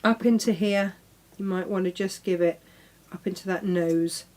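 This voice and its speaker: A woman's voice: mid-range voice, fairly even intonation, moderate pace, darkish tone. A middle-aged woman hosting a live sewing demonstration, chatting casually, talking to her tools and exclaiming as she goes. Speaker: crafting show host.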